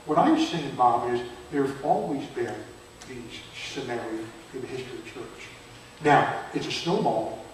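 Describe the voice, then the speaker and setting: An older man teaching a Bible seminar at a church, chatty, quizzing his listeners and turning loud and emphatic. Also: medium pitch, moderate pace. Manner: conversational, asks the audience questions, grows loud and emphatic. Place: church hall. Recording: very echoey hall from far off, faint noise.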